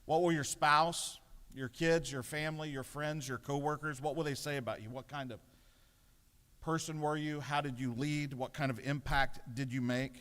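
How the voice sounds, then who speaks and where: A man's voice: on the high side, steady tone, normal speed, a bit bright. A middle-aged man giving a sermon as a pastor, telling a story with self-deprecating humor. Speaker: pastor giving the morning devotion. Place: large legislative chamber. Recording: long reverb of a large chamber.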